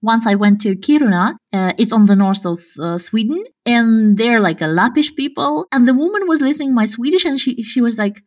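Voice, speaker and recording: A woman's voice: a little high, lively intonation, a little fast, hardly any pauses. A woman from Kazakhstan whose first language is Russian, co-hosting a podcast in casual chat, laughing often and thinking aloud with fillers. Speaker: podcast co-host.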